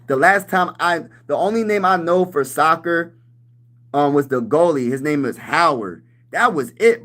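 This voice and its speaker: Reading comments on his casual sports livestream, this thirtysomething man has a slightly high voice. His chat is loose and full of slang, everyone gets called "bro," and he shouts once he's worked up.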